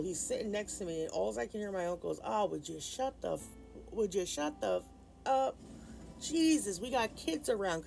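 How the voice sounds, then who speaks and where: A woman's voice: lowish voice, gravelly, darkish tone, a little hiss or hum, rough recording. A woman vlogger casually telling a rambling personal story, full of fillers and restarts. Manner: subdued and grieving in later part. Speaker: nail art vlogger.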